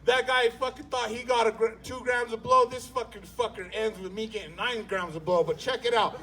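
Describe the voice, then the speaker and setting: High-voiced profane stand-up storyteller man. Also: a little fast, recorded from a distance, soft background music. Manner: profane, animated, acts out characters with voice shifts. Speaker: stand-up comedian.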